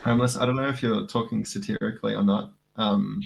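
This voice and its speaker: A man co-streaming a coding session, relaxed and laughing often as he reads chat. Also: on the low side, fast talker, creaky. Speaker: co-streaming guest programmer.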